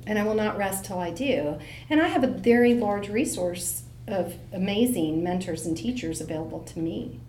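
Animated woman speaker in an echoey room. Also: medium pitch, moderate pace, few pauses, a little hiss or hum. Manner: animated storyteller, acts out voices in quotes. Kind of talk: motivational talk to a live audience.

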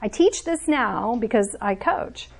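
Coach type, middle-aged woman, fairly high voice, chatty and lively, teaches a group. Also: a little slow, vocal fry. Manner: animated, conversational, laughs often. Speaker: emotional coach.

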